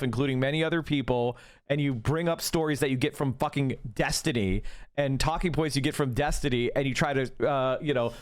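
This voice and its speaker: A man's voice: mid-range voice, smooth, no echo, clean studio sound. Scornful, cussing streamer man. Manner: profane, scornful, ranting. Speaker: political streamer. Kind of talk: reacting to clips on a livestream.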